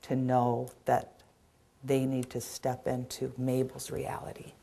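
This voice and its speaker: A middle-aged woman giving a caregiving seminar, telling stories from her work in an earnest, animated way. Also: rumbling low, slow, creaky, breathy edge. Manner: earnest, storytelling, acts out scenes. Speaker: dementia caregiving trainer. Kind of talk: seminar storytelling.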